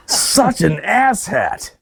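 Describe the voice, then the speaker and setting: A man's voice: sits high, creaky, noisy background. A man hosting a podcast, telling profane old service stories in casual chat and laughing often. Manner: laughs often, acts out quotes; profane, animated banter. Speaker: podcast host.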